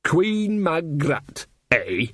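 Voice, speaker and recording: A jolly old witch woman, as a male reader puts her on, chummy and a bit mumbling. She talks to calm others down, her voice bouncing lively and a touch higher. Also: very slow, husky, no echo, studio quality, exaggerated voice. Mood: soothing. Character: cheerful old female witch, peacemaker.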